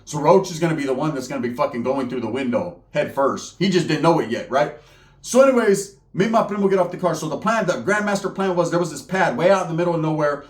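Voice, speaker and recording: A man's voice: fairly high pitch, animated, quick pace, reverberant. A man telling a wild comedic story in casual street slang, cursing and acting out the people in it.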